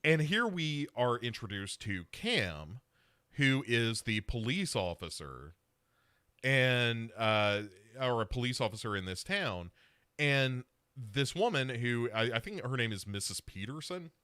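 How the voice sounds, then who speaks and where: Man, podcast co-host, casual film recap, animated storyteller, lively swooping pitch, dry close sound. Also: a little slow, smooth, no echo. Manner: animated storytelling, acting out characters. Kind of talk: casual chat recapping films.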